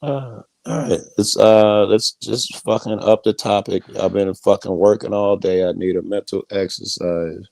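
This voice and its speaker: A man's voice: fairly low pitch, normal speed, creaky, no echo. A man from Chicago telling stories in a casual, profane panel chat. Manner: profane, animated storytelling.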